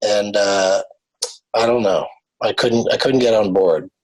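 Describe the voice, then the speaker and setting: A man's voice: fairly low pitch, measured pace, darkish tone, rough recording. A man hosting a comedy podcast, chatting loosely and laughing often. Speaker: podcast host. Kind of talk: casual comedy podcast chat.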